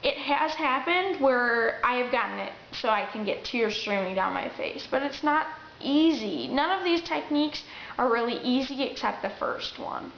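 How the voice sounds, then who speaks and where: Young woman vlogging acting tips, higher voice, roomy dull camera sound, chatty. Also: expressive, normal speed, vocal fry, a bit bright, slight background noise. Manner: chatty, with restarts and acted-out quotes. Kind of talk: casual advice to camera. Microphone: camera mic.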